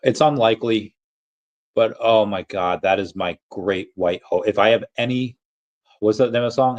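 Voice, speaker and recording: A man's voice: fairly low pitch, moderate pace, lo-fi sound. A young man hosting a casual livestream, reading chat aloud in a rambling, playful way and often stumbling over repeated words.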